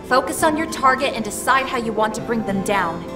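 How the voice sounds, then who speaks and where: A brisk, demanding sword mistress, as a woman puts her on, high-pitched and commanding. She sounds distant, with game music plainly behind her. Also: expressive, lightly acted. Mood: instructive. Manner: commanding, encouraging. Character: confident female sword instructor, brisk and demanding. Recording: distant voice over clear music.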